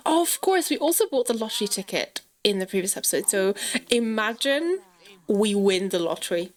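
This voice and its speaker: A woman with a fairly high voice commentates casually on her gameplay. She chats to the viewer and scolds her characters, exclaiming often and sometimes dropping to a whisper. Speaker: gaming channel host.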